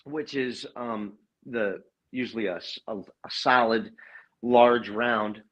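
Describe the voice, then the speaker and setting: A man's voice: medium pitch, slow pace, fairly bright tone, muffled recording. A middle-aged man from Ohio, an expert guest on a video call, explaining in a casual way with many hesitations and self-corrections. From Ohio, west side of Cleveland.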